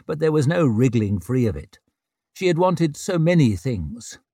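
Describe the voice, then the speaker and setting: A man narrating an audiobook with expressive storytelling. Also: mid-range voice, dry recording. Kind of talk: scripted narration. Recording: dry close studio sound.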